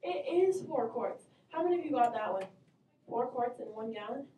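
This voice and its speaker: With a slightly high, mellow voice and lively intonation at normal speed, a woman math teacher upbeatly quizzes her class and calls on students. The distant camera mic places her far off in a roomy classroom with a faint hum.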